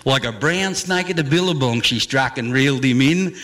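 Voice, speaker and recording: A man's voice: mid-range voice, normal speed, fairly bright tone. A man with an Australian accent reciting a comic verse yarn in a rollicking, theatrical way, heavy with slang.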